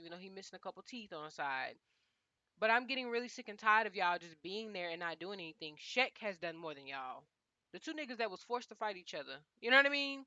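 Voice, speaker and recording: A young woman recaps a reality show in an easy, slangy, animated way, often talking straight to the people she is discussing. Her voice is bright and forward. The recording is dry and close, with a slightly dull, lo-fi sound. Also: medium pitch, no room sound. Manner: animated, chatty, slangy, frequently addresses cast members directly. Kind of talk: casual recap chat.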